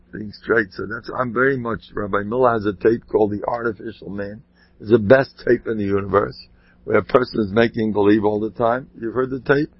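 Husky man telling rambling Torah stories. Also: medium pitch, no echo. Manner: rambling storyteller, animated asides. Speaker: rabbi giving a talk. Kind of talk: informal Torah talk with stories. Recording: dull lo-fi sound.

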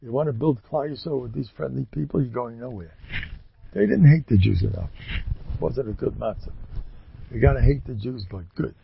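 A man giving a storytelling sermon, talking in an animated way with sudden loud, emphatic rises. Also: mid-range voice, normal speed, gravelly, a little hiss or hum. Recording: dull lo-fi dry recording.

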